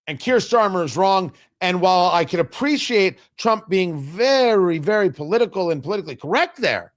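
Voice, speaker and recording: A man hosting a political talk show, giving emphatic, opinionated commentary. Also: high voice. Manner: emphatic, opinionated, drawn-out pauses for stress.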